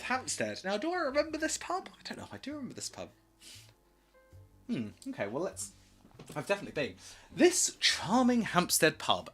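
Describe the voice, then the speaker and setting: A man's voice: mid-range voice, slightly rough. A man giving a casual, rambling slideshow presentation for a charity stream, full of jokey asides and self-corrections.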